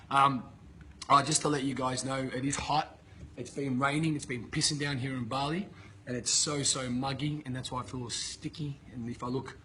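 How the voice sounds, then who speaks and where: A man's voice: medium pitch, level tone, normal speed, bright, forceful tone, slight background noise. A man giving a blunt, emphatic motivational talk to camera, swearing freely and ranting at his listeners. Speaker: motivational coach. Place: filmed in Bali with a camera operator.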